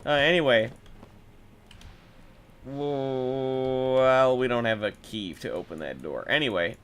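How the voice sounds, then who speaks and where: A man's voice: mid-range voice, takes it slowly, fairly bright tone, clean tone. A young man giving casual, rambling gameplay commentary, swearing often and joking at his own expense. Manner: rambling, self-deprecating, swears a lot. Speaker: let's play commentator.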